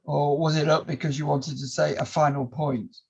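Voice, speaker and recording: A man chairing a formal planning hearing over a video call, politely summarising submissions in a measured way with some hesitations. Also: on the high side, little pitch movement, vocal fry, lo-fi sound, background noise. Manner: polite, measured, reads points aloud with hesitations.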